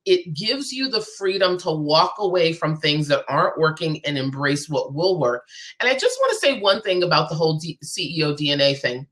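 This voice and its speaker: A woman's voice: low-pitched, animated, a little fast, fairly bright tone. A woman guest on a live show, a business coach talking in an emphatic, persuasive way and repeating her key phrases.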